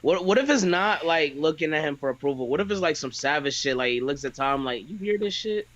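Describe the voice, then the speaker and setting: A man with a high, bright voice, talking as a guest in a casual chat. He jokes playfully and trades banter with the host. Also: brisk, highs cut off, slight background noise. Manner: joking, playful.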